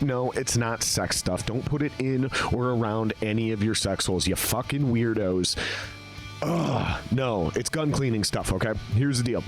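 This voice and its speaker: A man's voice: medium pitch, moderate pace, soft background music. Crude, joking male podcast host. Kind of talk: casual podcast intro and read ad.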